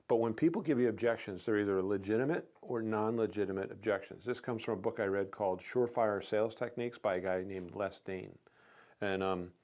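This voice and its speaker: Low-voiced man coaching on sales. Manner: animated storyteller, acts out quoted lines. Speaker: chiropractic sales consultant. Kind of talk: casual coaching talk.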